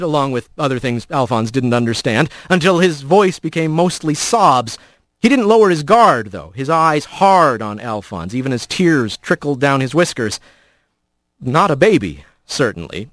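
A man narrating an audiobook in expressive storytelling style. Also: mid-range voice, no echo, clean studio sound. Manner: expressive storytelling, voices the characters.

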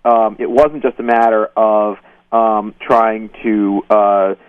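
A man being interviewed, speaking haltingly with many ums and you-knows and hedging as he explains. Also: on the low side, fairly even intonation, dry recording. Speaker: guest journalist. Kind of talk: phone-in interview. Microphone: phone. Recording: tinny distant phone line.

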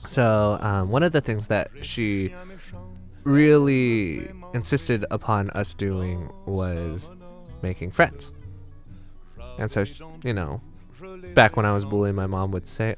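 A young man telling personal family stories on a podcast, animated and slipping into quoted voices. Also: lowish voice, slow, soft background music. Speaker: storyteller.

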